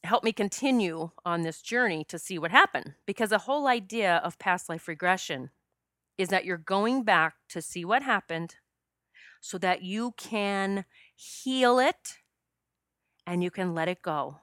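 A woman's voice: medium pitch, lively intonation, a little slow, fairly bright tone, dry recording, studio quality. A woman who works as a past life regression specialist, telling a personal story in an earnest, emotional way with many fillers and restarts, choking up at times. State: choked up at times.

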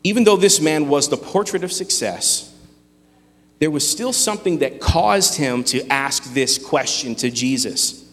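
Guy giving a sermon, kinda high voice, big echoey hall, leans hard on words. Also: lively intonation. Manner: earnest, emphatic preaching with dramatic pauses. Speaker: pastor.

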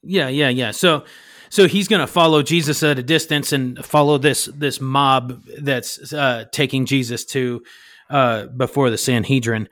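A man's voice: mid-range voice, steady tone, unhurried, a bit bright, no room sound, studio quality. A man hosting a podcast, paraphrasing a Bible story in a rambling way and searching for words. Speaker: podcast host. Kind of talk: casual Bible discussion.

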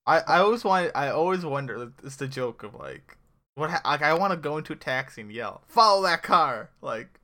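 Bright-voiced guy cohost, jokey and animated, rambling asides. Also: fairly high pitch, a little fast. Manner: animated, joking, thinks aloud with asides. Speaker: podcast co-host. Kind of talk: casual podcast chat.

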